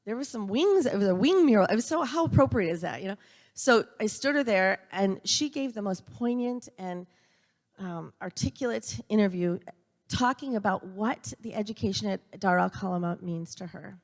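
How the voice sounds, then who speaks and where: At a church event for a university, a middle-aged woman gives an earnest speech full of stories, stumbling a bit with fillers and restarts. Her medium-pitched, darkish voice is expressive and paced normally, and it lingers in a long church reverb.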